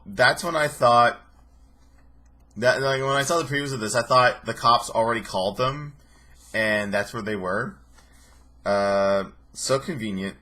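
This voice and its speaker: Young man, sarcastic recap, bright tense voice, a bit husky. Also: medium pitch. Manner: sarcastic, joking, animated mimicry of people. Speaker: show reviewer. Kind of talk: casual recap commentary.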